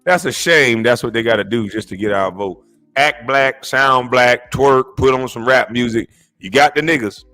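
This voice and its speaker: A man streaming a profane comedic rant as he reacts to clips, incredulous and mocking, often shouting. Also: mid-range voice, moderate pace, soft background music.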